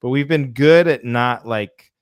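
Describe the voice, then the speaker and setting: A man's voice: mid-range voice, a little slow, smooth, dry recording. A man in his thirties co-hosting a podcast, telling stories in a laid-back way and laughing easily. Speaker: podcast co-host. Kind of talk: casual chat.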